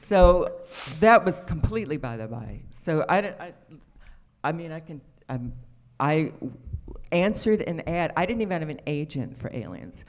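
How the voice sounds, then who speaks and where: A man, an actor guest on a convention panel, recalls his start in a halting, casual way with many restarts. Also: fairly high pitch, sing-song. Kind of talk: casual recollection. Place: convention hall.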